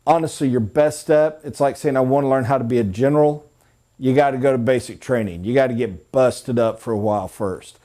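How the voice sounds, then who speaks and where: A man's voice: mid-range voice, brisk. A man teaching a sales training class, talking casually and acting out examples for his trainees. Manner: animated, acts out examples.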